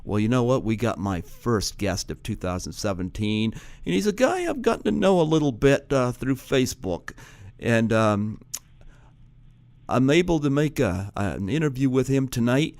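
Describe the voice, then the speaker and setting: A man's voice: medium pitch, big pitch swings, normal speed, darkish tone, no room sound. A man hosting a community radio interview show, speaking casually with fillers and a friendly tone. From Canada. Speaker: radio host.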